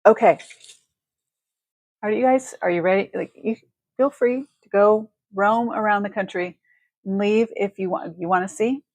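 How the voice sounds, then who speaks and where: A woman's voice: medium pitch, normal speed, pauses often, darkish tone, no echo. A woman hosting a casual live-stream, chatty and effusive as she thanks viewers and shows jewelry. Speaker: livestream jewelry seller.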